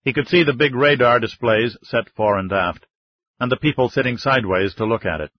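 A man narrating a thriller audiobook in a measured, steady storytelling manner. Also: medium pitch, dry recording. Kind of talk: scripted narration. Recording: slightly dull lo-fi recording.

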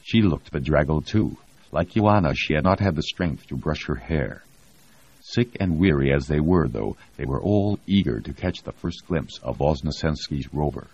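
A man narrating an audiobook in a steady, even way. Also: a bass voice, moderate pace. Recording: dull lo-fi audio.

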